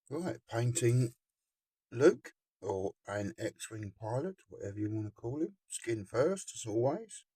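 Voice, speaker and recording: A man's voice: mid-range voice, animated, measured pace, dark tone, breathy edge, no echo. A man casually narrating his scale model build, chatty and often breaking into giggles. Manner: giggly, keeps breaking into laughter. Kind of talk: casual hobby video narration.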